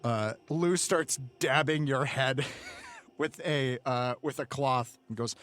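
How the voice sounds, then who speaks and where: A man narrating as game master of a tabletop game, relaxed and full of fillers. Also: mid-range voice, slow pace. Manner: relaxed, hesitant with many fillers.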